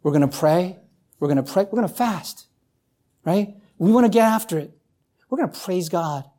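A man preaching a sermon as pastor, repeating phrases and asking the congregation "right?", swinging from near shouts down to low, quiet lines. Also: animated, normal speed.

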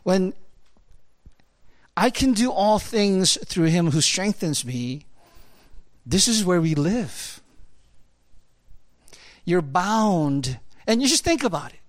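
A man preaching a sermon in a conversational, animated way, full of fillers and acted-out asides. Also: sits high, slow pace, long pauses.

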